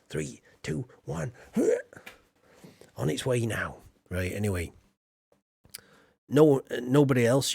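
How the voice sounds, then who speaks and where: The dry recording picks up a medium-pitched, gravelly voice, a little mellow and slightly rough. He's from Yorkshire, England, speaks with a southern English accent, and banters playfully with chat viewers during a casual farming-game stream.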